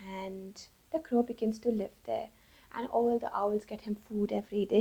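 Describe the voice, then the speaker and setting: A woman telling a fable as a storyteller, lively, and she changes her voice for each character. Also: medium pitch, moderate pace, gravelly, breathy edge, low-quality recording. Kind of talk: storytelling for children.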